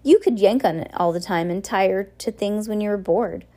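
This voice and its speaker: A woman's voice: medium pitch, normal speed, mellow, close to an everyday voice. A woman doing a spoiled bratty girl. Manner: bratty, self-centered.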